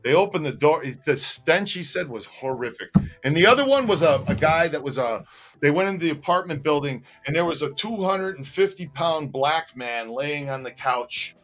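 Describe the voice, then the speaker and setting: A man co-hosting a casual livestream, telling stories with animated energy, often laughing and reading out viewer comments. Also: on the high side, normal speed, faint music behind. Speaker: co-host. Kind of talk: casual livestream chat and storytelling.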